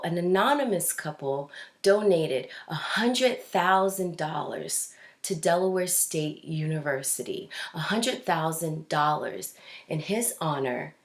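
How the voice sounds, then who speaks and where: A woman's voice: fairly low pitch, echoey room. A woman hosting a casual news commentary show, talking in a chatty way with fillers and restarts. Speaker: host.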